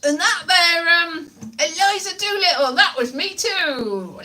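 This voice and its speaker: A woman's voice: extremely high pitch, lively intonation, a little slow, bright, forceful tone. A woman hosting a comic, rambling chat, playful and silly, slipping into put-on voices and nonsense sounds.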